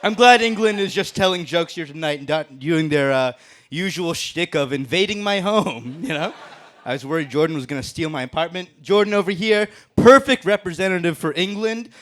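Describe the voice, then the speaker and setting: A man's voice: fairly high pitch, moderate pace. A man doing a brash, profane stand-up roast set on a comedy club stage, laughing at his own jokes. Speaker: stand-up comic in a roast battle.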